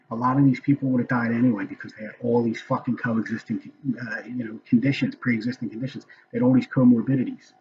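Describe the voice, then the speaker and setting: Over a noisy background and lo-fi sound, a man with a mid-range voice delivers casual recorded commentary as a political commentator. He's angry and profane, ranting and swearing often about the hearing he's watching.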